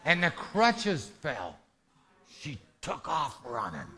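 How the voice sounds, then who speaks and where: Animated high-voiced preacher man. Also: moderate pace, very noisy. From rural ranch background. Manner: animated storyteller, shouts and laughs. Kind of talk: testimony sermon.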